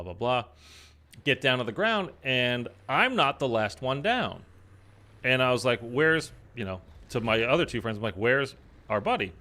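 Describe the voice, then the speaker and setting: A man telling a personal story in casual chat, rambling with many fillers and loudly acting out quoted lines. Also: medium pitch. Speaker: streamer. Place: in Los Angeles.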